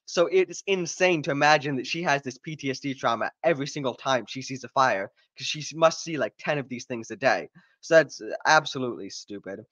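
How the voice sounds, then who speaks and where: A man's voice: medium pitch, sharp tone, no room sound, lo-fi sound. A man ranting in a sarcastic, exasperated and profane way while reviewing a show. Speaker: video reviewer.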